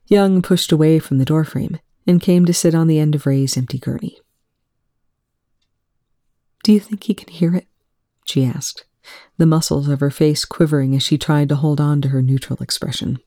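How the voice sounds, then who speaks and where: A woman reads fiction aloud, slow and soft-spoken. Her low voice has a gravelly fry and a dark, mellow tone. The sound is close and dry. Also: fairly even intonation, no echo. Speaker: fan fiction reader. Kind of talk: reading fiction aloud, then casual commentary.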